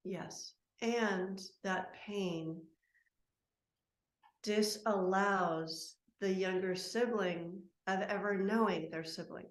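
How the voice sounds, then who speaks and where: A woman's voice: mid-range voice, drawn-out words. Heartfelt woman in an echoey room. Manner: heartfelt, emotional, speaks in spirited bursts. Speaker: guest, soul constellation practitioner. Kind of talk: earnest interview talk.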